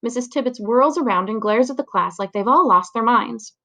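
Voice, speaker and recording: A woman reading a children's chapter book aloud in a clear, steady storytelling voice. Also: on the high side, moderate pace. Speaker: reader.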